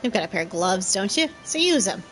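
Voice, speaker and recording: A woman voicing a gruff, bossy male skeleton pirate captain who talks in salty pirate slang. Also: medium pitch, very animated, a little fast, fairly bright tone, faint music behind, low-quality recording.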